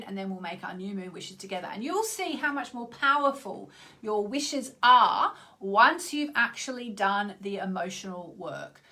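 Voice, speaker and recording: Woman astrologer, vlog host, chatty and rambling, lots of gravel in the voice. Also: a little high, sharp tone. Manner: chatty, rambling, many asides. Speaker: astrologer hosting her own channel. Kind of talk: casual spoken vlog.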